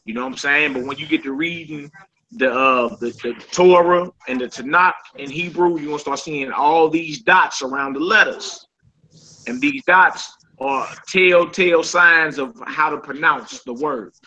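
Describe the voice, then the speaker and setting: Bright-voiced man teaching a class. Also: fairly high pitch, moderate pace, slight background noise, rough recording. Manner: informal, repeats "you know what I'm saying".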